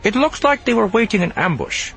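A man voicing an excitable, exasperated male alien detective with a shrill, warbling voice. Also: fairly quick, a little hiss or hum, heavily acted.

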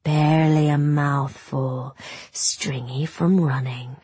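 A woman voicing a cruel old lake hag who taunts in a slow, drawn-out voice. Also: low-pitched, steady tone, dark tone, slightly rough, no echo, heavily acted. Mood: taunting. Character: ancient female lake hag, cruel and mocking.

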